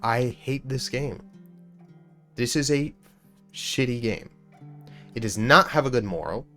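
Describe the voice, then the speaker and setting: A man and gaming YouTuber in an angry, sweary rant about a game, repeating himself, then quietly apologizing to his viewers. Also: mid-range voice, unhurried, soft background music.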